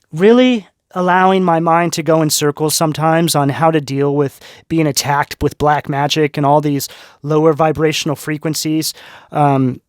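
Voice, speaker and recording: A man's voice: a little high, dry recording, studio quality. A man giving a tarot reading to his viewers, talking in an earnest, spiritual way and checking in often with "right?" and "okay?". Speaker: tarot reader.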